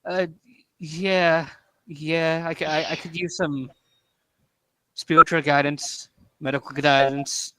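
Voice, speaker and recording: A man's voice: on the high side, flat delivery, takes it slowly, long pauses, sharp tone, rough recording. A man joking offhandedly while playing a casual tabletop game. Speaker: player.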